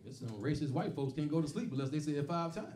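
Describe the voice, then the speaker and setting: Loud profane stand-up comic man. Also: a little high, quick pace, recorded from a distance. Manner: loud profane storytelling, acts out voices. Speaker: stand-up comedian. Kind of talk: stand-up comedy set. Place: comedy club stage. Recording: echoey club, mic off from speaker, crowd noise. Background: laughing audience.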